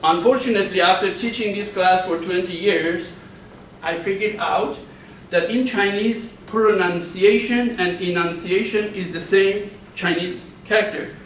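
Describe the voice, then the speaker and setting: A middle-aged man teaching a university class, speaking deliberately and stressing key words. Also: high-pitched, fairly bright tone, slight background noise. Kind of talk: classroom lecture. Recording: echoey room, voice far from mic.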